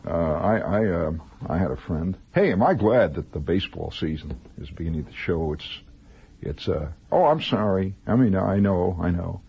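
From a studio, a male radio host ad-libs commercials as rambling, mock-serious jokes. His deep voice is animated, creaky, and slightly rough at normal speed, heard through a dull, lo-fi old radio broadcast.

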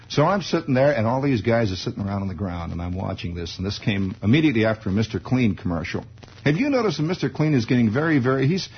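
A man's voice: fairly low pitch, slightly rough. A man giving a wry, digressive comic monologue in a conversational radio style. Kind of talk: rambling comic storytelling monologue. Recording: dull lo-fi old radio recording.

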